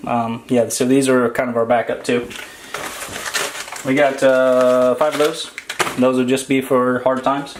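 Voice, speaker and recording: A man co-hosting a casual grocery haul vlog, talking in a relaxed, rambling way with lots of fillers. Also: medium pitch, a little slow, long pauses. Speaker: vlog co-host. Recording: roomy echo, faint noise.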